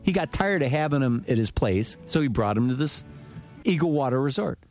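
A man's voice: mid-range voice, fairly quick, soft background music. A man telling a story in casual chat, swearing freely and acting out what people said. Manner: profane, animated, acts out quotes.

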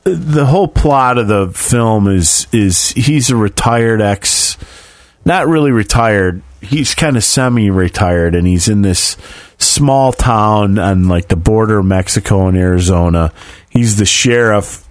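A man co-hosting a podcast, recapping a movie in a relaxed, rambling way and laughing easily. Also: on the low side, unhurried, dry recording. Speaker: podcast co-host. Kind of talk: casual chat and movie recap.

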